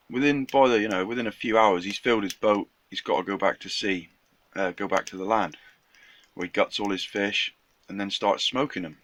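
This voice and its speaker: A man's voice: lowish voice, fairly bright tone. A young man casually retelling a folk tale in a chatty, slangy way, acting out the characters' lines. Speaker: storyteller.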